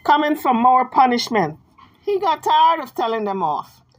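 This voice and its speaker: A woman commentator talks straight to her audience in a casual, emphatic monologue. Her voice sits a little high, and she slips into playful, mocking asides. The sound is dry and close, with no room echo. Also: big pitch swings, normal speed. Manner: chatty and emphatic, addresses viewers directly. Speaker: online gossip commentator.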